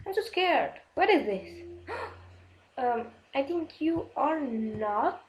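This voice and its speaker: Woman w high voice talking slow thru her game, gasps n nervous laughs. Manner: excitable, easily startled, gasps and nervous laughs; halting non-native English with frequent restarts. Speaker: gaming video host. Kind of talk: casual gameplay commentary.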